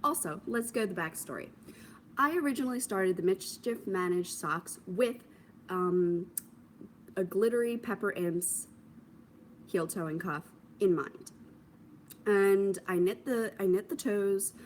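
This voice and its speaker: A young woman talks her way through her knitting projects in a loose, self-amused chat, slipping into quiet asides now and then. Her pitch sits in a middle range for a woman. A faint background hum runs under her voice. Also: measured pace, pauses often. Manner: chatty, self-amused, trails into soft asides. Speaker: knitting podcast host. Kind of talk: casual show-and-tell chat to camera.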